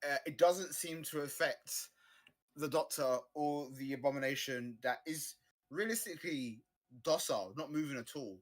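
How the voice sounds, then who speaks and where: A man's voice: fairly high pitch, moderate pace. A man narrating a tabletop game as game master, describing scenes in a loose, improvised way over a close desk mic.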